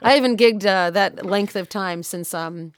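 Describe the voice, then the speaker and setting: A woman's voice: mid-range voice, measured pace, no room sound. Chatty woman singer, dry close sound. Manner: chatty, laughs easily, many fillers. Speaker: singer guest. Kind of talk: casual interview chat.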